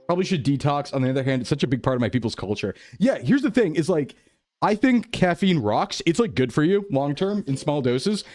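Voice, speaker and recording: A man's voice: on the high side, very animated, a little fast, darkish tone. A young man chatting casually on a live stream, rambling, reading chat aloud and laughing often. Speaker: VTuber streamer.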